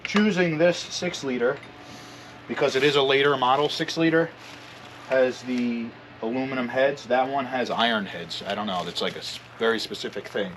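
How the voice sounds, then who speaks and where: A man's voice: medium pitch, moderate pace, fairly bright tone. A man in his thirties talks through a casual garage vlog on the camera mic, rambling and poking fun at himself. He sounds a little winded, with a faint hiss of noise behind him. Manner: joking, self-mocking, rambling. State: out of breath. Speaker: channel host. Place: home garage and shed.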